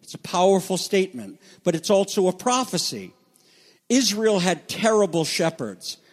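A man's voice: sits high, big pitch swings, normal speed. A pastor preaching a morning sermon in a slightly raised voice. He reads passages aloud and explains them earnestly, now and then stopping to restart a thought. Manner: earnest preaching with scripture readings, some restarts.

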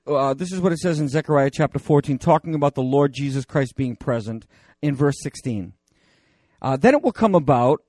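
A male pastor preaching a conversational sermon, animated and digressive, with many fillers and restarts. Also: fairly high pitch, no room sound.

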